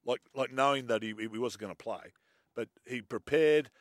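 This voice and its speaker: A man's voice: mid-range voice, moderate pace, no room sound, clean studio sound. An Australian man, a former player on a sports panel, talking in a casual chat and stumbling through many restarts.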